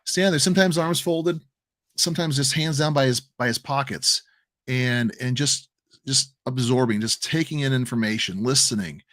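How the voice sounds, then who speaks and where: A man's voice: medium pitch, moderate pace, fairly bright tone, no echo. A man from the American Midwest, co-hosting a crypto livestream, telling an emotional story with many restarts and repeated words. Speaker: crypto stream co-host. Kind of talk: casual livestream chat.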